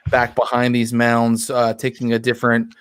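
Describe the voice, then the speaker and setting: A man acting as storyteller, running a tabletop roleplaying game in a relaxed way with many fillers. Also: medium pitch, normal speed, clear, resonant tone, dry recording, studio quality. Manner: relaxed, many ums and uhs.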